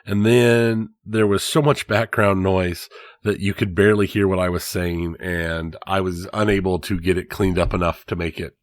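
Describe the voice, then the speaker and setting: A man's voice: sits low, fairly even intonation, moderate pace, dry recording. A man co-hosting a podcast in casual chat, wry and joking. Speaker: podcast co-host.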